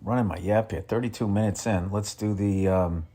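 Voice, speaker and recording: A man, hosting a podcast in a loud, exasperated comedic rant full of swearing. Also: fairly low pitch, fairly even intonation, moderate pace. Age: 50s. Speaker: podcast host. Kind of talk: comedic ranting monologue.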